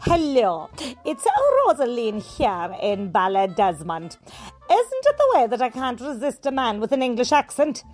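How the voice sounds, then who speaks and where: A brazen, gossipy countrywoman, played by a woman, tells her tale in a North Cork accent. Her voice sits very high, and her delivery is bawdy and loose. Faint music runs underneath. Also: natural voice. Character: brash rural Irish woman writing in for advice. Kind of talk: comic radio sketch.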